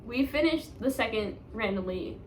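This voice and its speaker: A woman's voice: a little high, lively intonation, moderate pace, slight background noise. A young woman vlogging casually about her reading pile, rambling, self-mocking and full of fillers. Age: young adult. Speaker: book vlogger. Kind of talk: casual chat.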